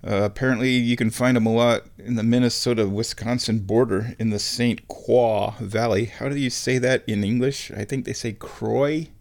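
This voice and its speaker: A man's voice: mid-range voice, fairly even intonation, moderate pace, vocal fry, hardly any pauses, darkish tone. Wry, rambling man vlogging from home. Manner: digressive, wry, chuckling often. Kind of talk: casual rambling monologue.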